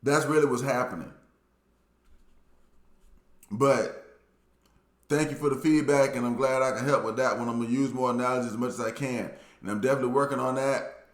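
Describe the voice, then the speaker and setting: A man's voice: mid-range voice, steady tone, brisk, long pauses. A man with a Southern US accent casually reading out and answering viewer comments, in a laid-back, plainspoken way that often repeats itself. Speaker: YouTube commentator. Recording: echoey room.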